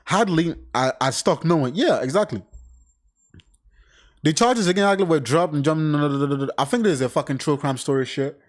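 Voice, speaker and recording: A man with a somewhat high voice reacts casually to a crime case at normal speed, reading passages aloud before breaking off into blunt remarks full of profanity. His delivery is loose, animated and unscripted, with lively side comments.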